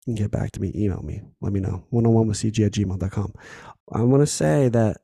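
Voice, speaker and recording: A man's voice: fairly low pitch, quick pace, creaky, mellow, husky, no room sound, studio quality. A man hosting a solo podcast, telling a personal story in a candid, casual way that is full of swearing and little acted-out scenes. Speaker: podcast host.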